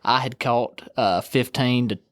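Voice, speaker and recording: A man's voice: medium pitch, unhurried, no echo, studio quality. A young man, telling a fishing story in casual chat and acting out what his friends said. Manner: animated storyteller, acts out quoted friends.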